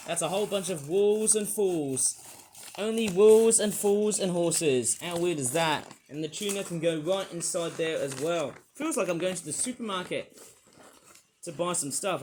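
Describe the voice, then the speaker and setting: A man's voice: sits high, a little mellow, slight background noise. A man reviewing toys in a casual, rambling vlog, circling back on filler words and drifting into a grumbling rant. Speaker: toy reviewer.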